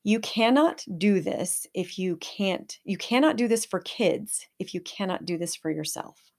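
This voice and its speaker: An older woman hosting a parenting podcast, speaking calmly in a coaching tone. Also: medium pitch, a little slow, gravelly. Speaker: podcast host.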